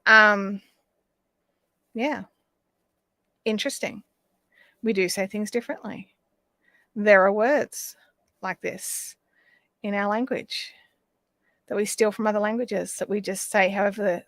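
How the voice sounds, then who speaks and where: A woman's voice: mid-range voice, steady tone, measured pace, pauses often, sharp tone, no room sound. An Australian woman hosting a live craft stream, chatting casually and rambling as she reads out viewer comments.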